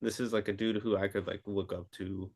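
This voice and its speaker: A man with a notably low voice co-hosting a podcast. He speaks earnestly and reflectively about what he admired in a film. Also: little pitch movement, fairly quick, a little mellow. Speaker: podcast co-host. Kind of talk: casual film discussion.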